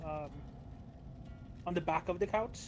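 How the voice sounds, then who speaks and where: A woman playing along with a streamer, chatting casually in a soft, hesitant way with many pauses. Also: fairly low pitch, slight background noise. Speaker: co-player. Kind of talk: casual chat while gaming.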